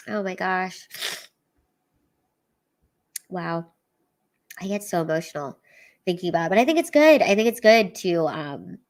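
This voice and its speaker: A woman's voice: mid-range voice, fairly bright tone. Woman in her thirties, comedian host, candid and teary, swears freely, livestream chat. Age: 30s.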